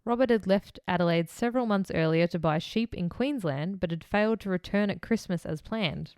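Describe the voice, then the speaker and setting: A woman's voice: on the low side, brisk, darkish tone, smooth, no echo. Woman, Australian accent, casual true crime podcaster, dry close sound. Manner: reads case notes, breaks into laughter. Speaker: podcast co-host reading the case.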